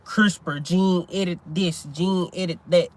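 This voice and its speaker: A man in a casual religious chat, talking in a rambling, animated, profane way and often searching for his words. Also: high voice, slow.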